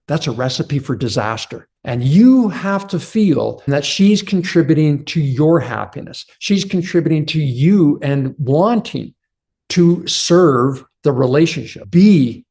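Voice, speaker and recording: Mellow-voiced man coaching men. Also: on the high side. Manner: earnest, addresses listeners as brothers. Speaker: men's relationship coach. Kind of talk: motivational talk to men.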